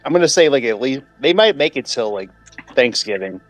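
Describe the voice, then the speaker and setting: A man's voice: mid-range voice, lively intonation, fairly quick, soft background music. A man in a casual podcast chat, hesitant and trailing off.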